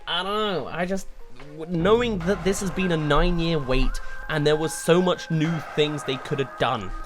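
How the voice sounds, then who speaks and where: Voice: mid-range voice, normal speed, music in the background. A game reviewer giving a rambling, exasperated video review, full of rhetorical questions.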